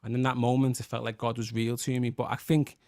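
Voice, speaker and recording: A man from Liverpool in his thirties, a guest musician and worship leader, talking in an earnest, halting way with many restarts. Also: medium pitch, level tone, darkish tone, no echo, studio quality. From Liverpool, England. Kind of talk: casual chat.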